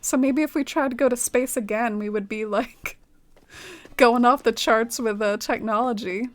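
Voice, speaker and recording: A woman's voice: fairly high pitch, steady tone, normal speed. A woman streaming a game, chatting casually and rambling, often saying "like". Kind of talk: casual live-stream chat.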